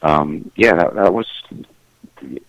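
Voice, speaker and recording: A middle-aged man with a very low, deep voice answers questions in a casual interview. He trips over his words, restarting sentences and laughing at himself. The sound is dry and close, with no room around it. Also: animated, creaky, dry recording, rough recording. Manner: halting, full of restarts and fillers, self-conscious laughs. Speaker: musician guest.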